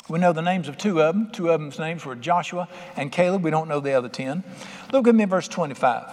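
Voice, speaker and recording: Folksy preacher in a big echoing hall. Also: male voice, fairly high pitch. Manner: folksy, preachy, animated, punchy asides and repeated announcements. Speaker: pastor. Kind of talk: sermon. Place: church sanctuary. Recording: long echo of a church hall.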